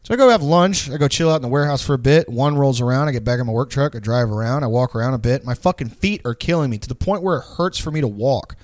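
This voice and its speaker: A man's voice: mid-range voice, animated, fast, few pauses, no echo, clean studio sound. A young man telling a long, profane, rambling story in casual chat.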